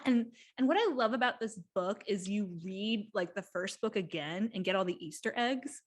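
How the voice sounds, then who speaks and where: A woman co-hosting a podcast, chatting about a book in an excited, rambling way with quick bursts. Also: medium pitch. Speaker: podcast co-host. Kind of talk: casual book chat.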